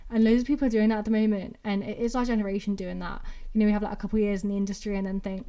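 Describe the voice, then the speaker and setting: A woman's voice: medium pitch, flat delivery, very fast, few pauses, dark tone. Chatty young woman, Brummie-Manc accent. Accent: English, a mix of Brummie and Mancunian. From England. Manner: rambling and chatty, with constant "like" fillers. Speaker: podcast host. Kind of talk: casual solo podcast chat.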